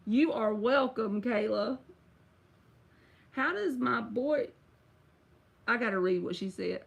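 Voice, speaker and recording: A woman's voice: a little high, slow pace, creaky, long pauses. A woman giving a casual, chatty tarot reading on a live stream. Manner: casual, chatty, uses y'all and bruh. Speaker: tarot reader.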